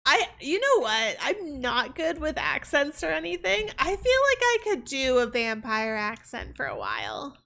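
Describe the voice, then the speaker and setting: Young woman, streamer, casual rambling chat, bright tone. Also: sits high, huge pitch swings, unhurried, creaky, few pauses. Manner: rambling, full of fillers and restarts. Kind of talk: casual chat while gaming.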